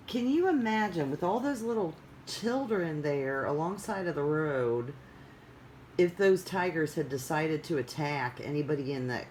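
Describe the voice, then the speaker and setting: A vlogger talks at an unhurried, drawn-out pace in loose, casual chat. The delivery wanders from point to point, padded with plenty of fillers and restarts. A faint hiss sits under the voice. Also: mid-range voice, darkish tone, poor audio. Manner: rambling, digressive, many fillers.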